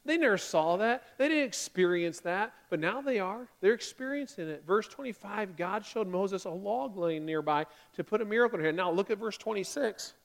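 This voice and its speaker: Animated high-voiced male pastor preaching. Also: creaky. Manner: animated, acts out the grumbling Israelites in quick excited bursts. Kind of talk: sermon.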